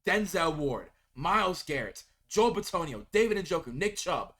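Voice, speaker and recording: A man's voice: on the high side, big pitch swings, normal speed, pushed and bright, husky. A man ranting to camera as a sports fan, heated and venting, stumbling and repeating words as he gets upset. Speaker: sports video creator. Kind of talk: angry fan rant to camera.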